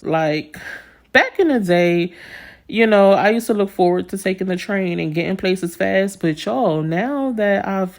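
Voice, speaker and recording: A woman's voice: mid-range voice, darkish tone. A young woman from New York with a slight Southern twang, chatting casually and laughing often as she does nail art for her viewers. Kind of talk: casual chat while doing nails.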